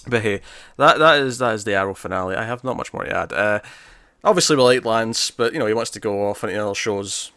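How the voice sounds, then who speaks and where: A man's voice: fairly low pitch, quick pace, bright, forceful tone, smooth, no echo, studio quality. A man co-hosting a podcast in casual chat, rambling with lots of "like" and laughs. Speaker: podcast co-host.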